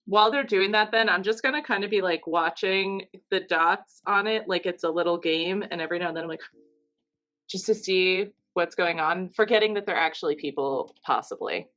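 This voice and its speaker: A woman's voice: lowish voice, normal speed, a bit bright. Playful laughing woman role-player. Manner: playful, teasing, laughs often. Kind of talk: casual tabletop role-play chat.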